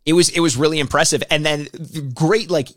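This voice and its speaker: Excitable, profane man on a podcast. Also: fairly high pitch, a little fast, no room sound, studio quality. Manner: profane, excitable, stumbles over repeated words. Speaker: podcast co-host. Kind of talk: casual chat.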